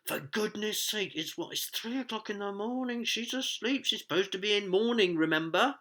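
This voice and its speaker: Male literature teacher, chatty and bright-toned, pitched a little high. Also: lively intonation, moderate pace, hardly any pauses. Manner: reads quoted lines aloud in voices and sings snatches; chatty, with fillers and asides. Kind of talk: explaining a play line by line.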